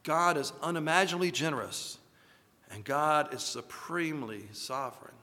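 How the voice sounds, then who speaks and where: Pastor, male, sermon delivery, lively storyteller, bright higher voice, hall echo. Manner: storytelling, acts out voices with rising force.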